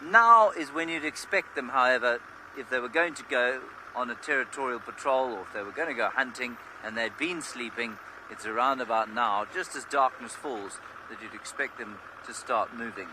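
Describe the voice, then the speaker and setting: A man commentates a live game drive from an open vehicle, relaxed and explanatory at a middling pitch. A steady outdoor noise of the bush and the vehicle runs under his voice. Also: normal speed. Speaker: safari guide. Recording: outdoor mic with clear background noise.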